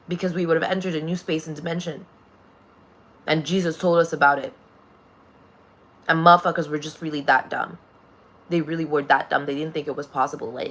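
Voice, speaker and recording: A woman's voice: low voice, a bit bright. A woman. She rambles, swears freely and breaks into laughter often. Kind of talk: casual spiritual monologue.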